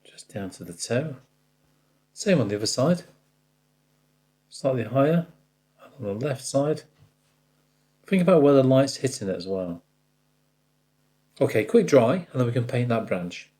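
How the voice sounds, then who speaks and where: Male art tutor, warm and lively, chatty teaching manner. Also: medium pitch, measured pace, long pauses. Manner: chatty, addresses the viewer directly, jokes at his own slips. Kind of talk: step-by-step painting tutorial.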